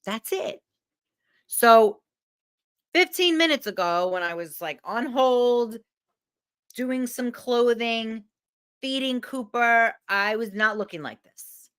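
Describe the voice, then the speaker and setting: A woman's voice: fairly high pitch, slow, long pauses, clear, resonant tone. A woman coach giving a candid, emotional motivational talk to camera, swearing freely. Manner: animated.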